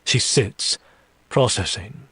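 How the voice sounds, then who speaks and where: A man reading a first-person story aloud in an audiobook style, slow and deliberate, dropping low for menacing asides. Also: pushed and bright, slightly rough, dry recording. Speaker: story reader.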